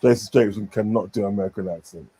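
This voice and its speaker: A man's voice: lowish voice, fast talker, background noise. A man chatting casually on a stream, rambling with many fillers and repeated phrases. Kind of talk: casual chat.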